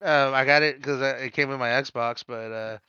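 A man's voice: mid-range voice, steady tone, bright, forceful tone, smooth, no echo, muffled recording. A man hosting a casual podcast chat, jokey and laughing between remarks. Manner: jokey, laughing, quick asides.

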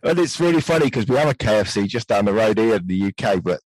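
British male podcast host, gentle and unhurried, dry close sound. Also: lowish voice, expressive, dry recording, poor audio. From United Kingdom. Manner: gentle, soft-spoken podcasting voice. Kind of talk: casual podcast chat.

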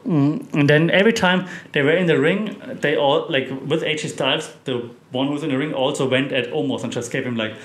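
A man's voice: fairly high pitch, a little fast, hardly any pauses. Chatty opinionated man recapping wrestling. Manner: chatty, opinionated, many fillers and restarts. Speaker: wrestling podcast host. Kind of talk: casual recap commentary.

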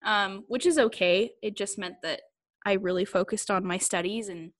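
A woman's voice: mid-range voice, moderate pace. A young adult woman talking candidly in a casual interview, laughing often and rambling a little as she thinks aloud. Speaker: guest. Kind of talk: casual conversation.

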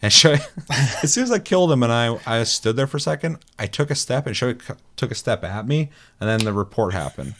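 A man's voice: medium pitch, animated, fast talker, fairly bright tone, a little hiss or hum. A man hosting a casual chat show, telling a gaming story with laughs and swearing. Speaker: podcast host.

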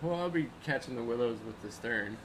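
Animated young man telling a river tale. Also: mid-range voice, a little fast. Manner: animated, acts out quoted people with raised voice. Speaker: river rafting guide. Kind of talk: casual storytelling chat. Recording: noisy background hum.

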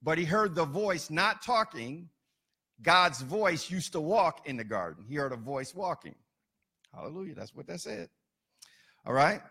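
Bright-voiced man preaching emphatically. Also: fairly high pitch, sing-song, a little slow, slightly rough. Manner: emphatic, building repetition with loud peaks; colloquial asides. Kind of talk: sermon.

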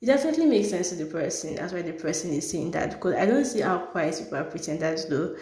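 A woman's voice: fairly low pitch, lively intonation, fast talker, a little mellow. Blunt, sarcastic woman in a roomy space. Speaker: podcast host. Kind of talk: solo podcast chat. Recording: roomy echo.

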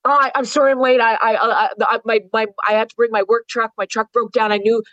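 A woman's voice: a little high, little pitch movement, quick pace, a bit bright, dry recording, lo-fi sound, pitched above the performer's own voice, lightly acted. A woman voicing a flustered young truck-driving father who stammers and apologizes.

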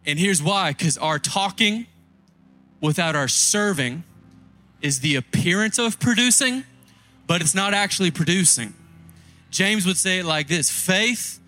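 A man's voice: high-pitched, expressive, measured pace, pushed and bright. A man preaching a conversational sermon as a pastor, pressing his points by repeating key phrases.

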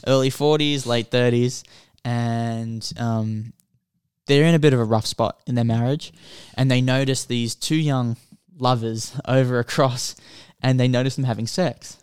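A man co-hosts a casual podcast, walking through a film's plot in an animated, rambling way. His voice is smooth and clear, recorded close and dry with no room sound. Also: mid-range voice, a little slow, no echo. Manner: rambling, animated storytelling with filler words. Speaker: podcast co-host. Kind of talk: casual film chat.

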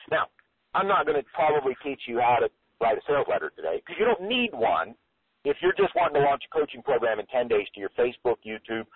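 Energetic guy lecturing on a coaching call, husky voice, dry phone-line sound. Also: dry recording. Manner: energetic, emphatic, swings pitch up and down for effect. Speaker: marketing coach.

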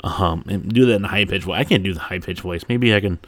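A man hosting a podcast, reading a game blog post aloud and breaking off to laugh and comment excitedly. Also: deep voice, fast talker. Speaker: podcast host.

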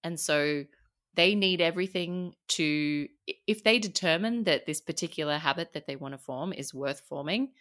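A woman's voice: deep voice, moderate pace, a bit bright. A woman with an Australian accent, a coach, explaining ideas in casual podcast chat and laughing often as she talks.

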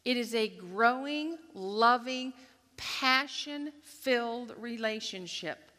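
A woman with a bright, forceful voice pitched a little high tells a personal story at a church gathering, acting out her own thoughts. It is recorded with a long reverb, as if in a large hall. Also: animated, slow pace. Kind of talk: storytelling devotional talk.

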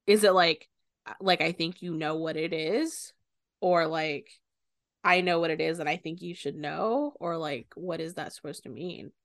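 A young woman co-hosting a podcast, retelling a book's plot in lively casual talk and swearing often. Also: low-pitched, normal speed, no room sound, studio quality. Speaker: podcast co-host. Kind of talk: casual book discussion.

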